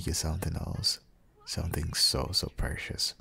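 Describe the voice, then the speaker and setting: A man in a whispered role-play as a husband, talking in a soft, comforting and reassuring way. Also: rumbling low, level tone, moderate pace, gravelly, slightly rough.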